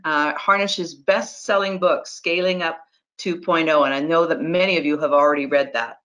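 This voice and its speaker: A woman's voice: fairly low pitch, fairly bright tone. A woman moderating a webinar over a video call, chatty and friendly, with fillers as she introduces the speaker.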